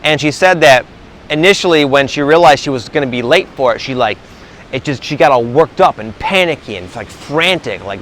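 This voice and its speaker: A man's voice: on the high side, fairly bright tone, slight background noise. A man talking as a spiritual coach in a casual vlog monologue, rambling with many restarts and filler words.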